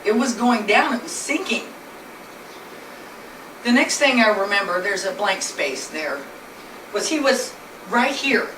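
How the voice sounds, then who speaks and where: A woman's voice: medium pitch, expressive, a little slow, long pauses, fairly bright tone. A woman telling her husband's illness story in an earnest, plainly spoken way, speaking from a distance in a noisy, echoey room. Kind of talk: personal storytelling presentation.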